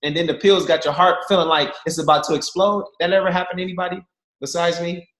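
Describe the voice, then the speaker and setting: A high-pitched man in his thirties talks fast, spinning lively, slangy, jokey stories for his team on a video call and speaking directly to them. The room he's in sounds echoey.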